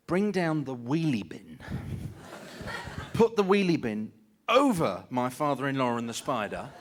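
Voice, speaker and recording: A man performing a stand-up routine, telling a story with sudden shouted outbursts. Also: on the high side, background noise. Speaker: stand-up comedian.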